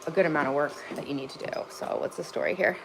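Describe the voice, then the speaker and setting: A woman's voice: low-pitched, fast, gravelly, very noisy. A bubbly, enthusiastic woman hosting a casual livestream from her home kitchen, reading viewer comments aloud. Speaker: livestream host.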